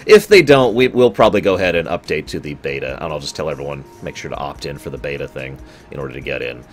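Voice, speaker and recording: A man's voice: extremely low pitch, expressive, quick pace, soft background music. A man streaming and chatting casually with his viewers, rambling and correcting himself as he goes. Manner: rambling, conversational, self-correcting; talks to chat viewers.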